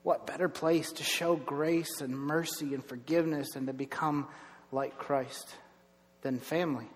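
A middle-aged man preaching a sermon as pastor, telling stories with lively bursts of emphasis. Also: on the high side, measured pace, long reverb tail, slight background noise. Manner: storytelling, animated with bursts of emphasis. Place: church sanctuary.

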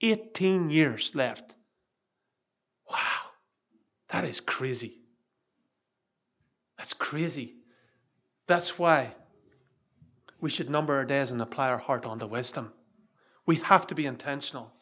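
A man's voice: mid-range voice, measured pace, long pauses, a bit bright, dull audio. A pastor in his fifties preaching an earnest, emphatic sermon. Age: 50s.

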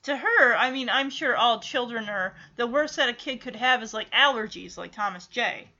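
A woman's voice: on the high side, animated, normal speed, pushed and bright. A woman giving casual, sarcastic running commentary while watching a film, laughing often. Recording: slightly dull lo-fi audio.

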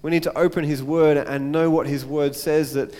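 Male pastor, earnest sermon delivery, rhetorical repetition, slightly high voice, echoing church. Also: fairly even intonation, moderate pace, warm tone. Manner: earnest, repeats phrases and asks rhetorical questions.

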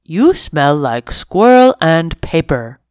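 Brief: a dopey, easygoing dog, a woman putting him on, drawn out and unhurried. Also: low voice, very animated, a little mellow, clear, resonant tone, no echo, studio quality, full character voice. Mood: goofy. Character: big friendly goofy male puppy.

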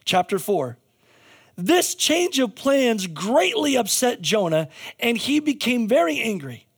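A man preaching in a loose, conversational way, his voice pitched high with a gravelly edge. He tells a story animatedly, throws in jokes, and often restarts his sentences. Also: slow. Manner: animated storyteller, jokey asides, frequent restarts. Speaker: pastor. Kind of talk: conversational sermon.

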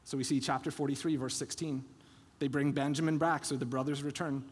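A man's voice: medium pitch, steady tone, a little fast, husky. A man preaching a sermon as pastor, retelling scripture scenes in an earnest, expository way. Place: church sanctuary. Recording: long church hall reverb.

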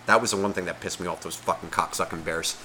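A man's voice: low voice, fairly even intonation, fast talker, pushed and bright, slight background noise. A man co-hosting a podcast, telling a story in casual chat, swearing a lot and acting out the voices of the people in it. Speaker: podcast co-host.

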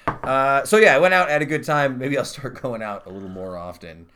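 A man's voice: medium pitch, brisk, noisy background. A man, hosting a casual podcast chat, joking and self-mocking. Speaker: podcast host.

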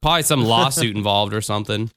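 A man's voice: lowish voice, quick pace, fairly bright tone, no room sound, clean studio sound. A man co-hosting a podcast in casual chat, loose and joking, swearing freely. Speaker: podcast co-host.

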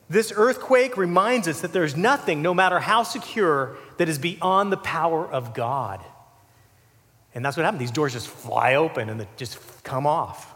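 Animated male preacher in echoing hall. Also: a little high. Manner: animated, conversational, with asides and filler "you know". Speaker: pastor. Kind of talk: sermon.

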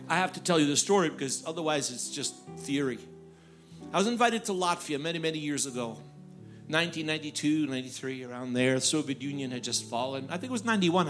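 A middle-aged man from Ukraine preaching and telling a personal story in lively, animated style, acting out the people he quotes. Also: fairly high pitch. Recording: music playing underneath.

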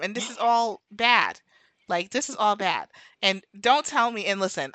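Female co-host, chatty TV recap, animated asides, bright and punchy tone. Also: fairly low pitch, dry recording. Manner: animated, tangents, quick asides, laughs often. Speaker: podcast co-host. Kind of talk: casual TV recap chat.

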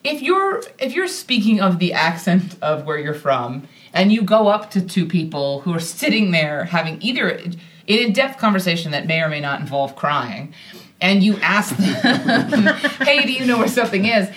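An American woman casually telling a personal story on a podcast, animated and self-deprecating, laughing often as she talks. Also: lowish voice, a little slow. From United States.

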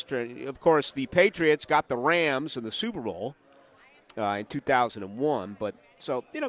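A middle-aged man from Boston chatting casually about sports, telling animated stories with lots of restarts. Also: mid-range voice. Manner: animated storyteller, restarts often, acts out quotes.

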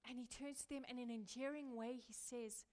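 A woman pastor preaching a sermon, building through repeated phrases and dropping from loud emphasis to a hushed near-whisper. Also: a little high, fairly even intonation, quick pace. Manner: repetitive rhetorical building.

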